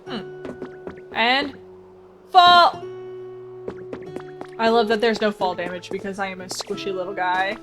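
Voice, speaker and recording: A woman playing a cozy video game and chatting excitedly, bubbly and self-mocking. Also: medium pitch, moderate pace, music in the background. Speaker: let's play host. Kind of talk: casual game commentary.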